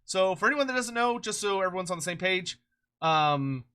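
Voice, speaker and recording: A streamer chatting casually on a live stream, excitable and rambling, swearing freely and laughing often, short on sleep. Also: medium pitch, moderate pace, smooth. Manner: rambling with frequent restarts.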